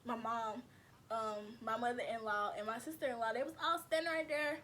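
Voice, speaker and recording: A woman's voice: a little high, steady tone, brisk, a bit bright, slight background noise. Chatty woman vlogger telling a story. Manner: chatty, addresses viewers as y'all, slangy and laughing. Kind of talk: casual storytelling to viewers.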